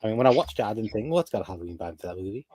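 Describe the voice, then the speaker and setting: A man's voice: lowish voice, lively intonation, very fast, crowd noise. A man, hosting a casual chat and running through lists, rambling with restarts. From North East England. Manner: rambling, restarts, runs the list. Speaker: podcast host.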